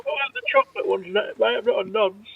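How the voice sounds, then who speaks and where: A man doing a crude, laddish bloke calling into a comedy phone-in, answering bluntly in a high, gravelly voice. The line sounds dull and lo-fi, like a muffled call. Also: fast talker, full character voice. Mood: deadpan. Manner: blunt, deadpan, mumbled answers. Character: crude laddish British male caller, deadpan.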